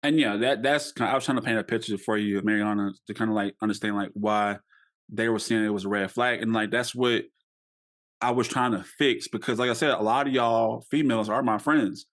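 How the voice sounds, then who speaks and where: A man's voice: on the low side, steady tone, brisk, a bit bright. A young man hosting a podcast, talking casually and rambling with many fillers and restarts. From United States. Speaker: podcast host.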